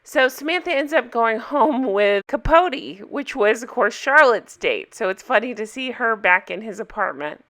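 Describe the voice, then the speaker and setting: A young woman recapping a TV episode in a casual, chatty vlog, enthusiastic and quoting lines in lively voices. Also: fairly high pitch, moderate pace, hardly any pauses.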